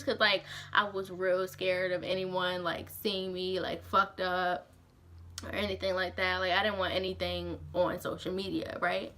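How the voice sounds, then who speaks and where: A young woman vlogger tells a story in a bright, sharp voice. Her talk is casual and slangy, full of swearing and "like", and she is animated throughout. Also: mid-range voice, a little slow. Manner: animated, slangy and profane, heavy use of "like".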